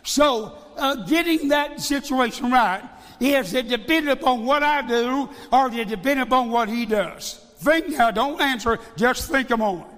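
A man's voice: extremely high pitch, normal speed, a bit bright. A male evangelist preaching a sermon, emphatic, repeating phrases and firing rhetorical questions. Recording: long hall reverb.

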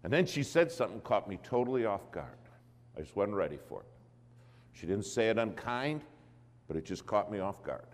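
A male preacher telling a story in a sermon, in an animated, dramatic way. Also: lowish voice, normal speed, in a large hall.

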